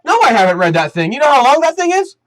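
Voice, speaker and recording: A man's voice: high voice, huge pitch swings, quick pace, a bit bright, heavily acted. A man putting on the voice of an indignant elderly congressman who scolds and brushes people off. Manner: exasperated, scolding. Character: indignant elderly male congressman, huffy and dismissive.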